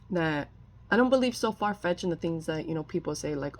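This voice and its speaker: A woman's voice: fairly low pitch, expressive, a little slow, pauses often, darkish tone. A woman giving a casual tarot reading, rambling with many fillers and restarts and often apologizing. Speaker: tarot reader.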